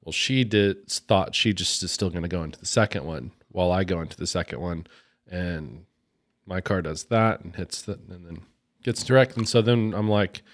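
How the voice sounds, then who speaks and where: A man's voice: low voice, moderate pace. A man co-hosting a podcast, telling a long story in casual chat with lots of fillers and restarts. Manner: rambling storyteller with many fillers. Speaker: podcast co-host.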